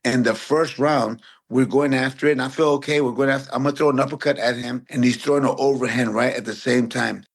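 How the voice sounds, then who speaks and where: A man in his fifties from San Antonio, a retired boxer telling stories as a podcast guest, relaxed and animated. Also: mid-range voice, quick pace, hardly any pauses. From San Antonio, Texas. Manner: relaxed, animated storyteller who acts out quotes. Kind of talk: casual interview storytelling.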